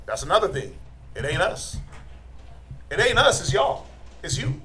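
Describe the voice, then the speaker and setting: A man's voice: high-pitched, big pitch swings, normal speed, long pauses, sharp tone, rough recording. A man preaching informally to a group as a religious teacher, blunt and challenging, firing rhetorical questions and chuckling while he scolds.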